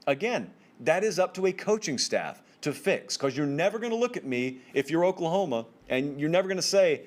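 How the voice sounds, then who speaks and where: A man's voice: sing-song, fairly quick. A man hosting a solo college football commentary show, talking to viewers in an emphatic, conversational way with casual slang. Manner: emphatic, conversational, pitch swings up for stress; informal slang and direct address to viewers.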